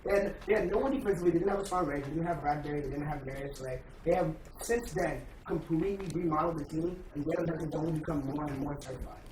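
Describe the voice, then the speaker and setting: A man's voice: fairly high pitch, rapid-fire, hardly any pauses, darkish tone. A man in a casual sports debate, arguing heatedly and backing his case with stats. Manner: argues hard with stats. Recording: distant echoey mic with noise.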